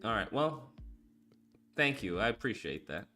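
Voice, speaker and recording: A young man hosting his channel, ranting casually about marketing and hype, profane and animated, mocking people with put-on quotes. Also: mid-range voice, measured pace, faint music behind. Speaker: channel host. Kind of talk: casual commentary monologue.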